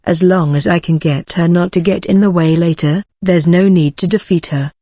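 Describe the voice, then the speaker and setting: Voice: mid-range voice, fairly even intonation, moderate pace, a little mellow, no room sound. Synthetic audiobook narrator, dry sound.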